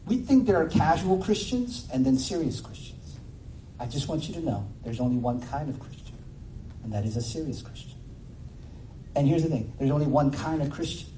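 A man's voice: a little high, animated, moderate pace, dark tone, slight background noise. A male pastor preaching a sermon in a casual, filler-heavy way that swells into fervent cries. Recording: roomy echo, distant mic.

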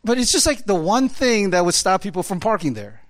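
A man's voice: high voice, sing-song, fairly quick, no echo. A man preaching a conversational sermon as a pastor, casual and chatty, with lots of fillers and frequent laughter.

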